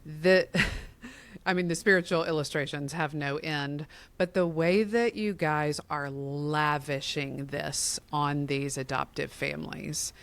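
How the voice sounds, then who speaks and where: A woman's voice: low-pitched, fairly even intonation, slow. A woman hosting a faith-based podcast interview, speaking in an effusive, gushing way. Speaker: podcast host.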